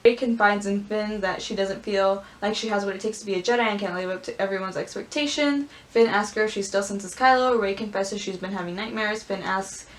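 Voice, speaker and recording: A woman vlogger reading aloud and chatting casually, gushing and squealing with excitement. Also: mid-range voice, brisk, hardly any pauses. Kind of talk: casual script-reading commentary.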